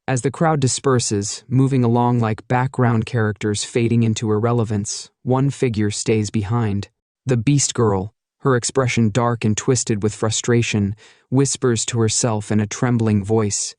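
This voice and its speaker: A man's voice: medium pitch, fairly even intonation, normal speed, darkish tone, no room sound, clean studio sound. A man narrating a comic story recap in a playful, jokey storytelling manner.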